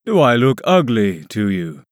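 A man voicing a cold, menacing emperor who speaks slowly and mockingly. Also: mid-range voice, big pitch swings, no echo, studio quality.

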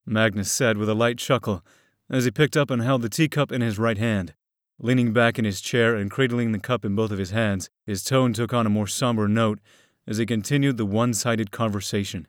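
A man narrating fiction aloud in a steady, clear storytelling manner. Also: on the low side, fairly quick, no echo, studio quality.

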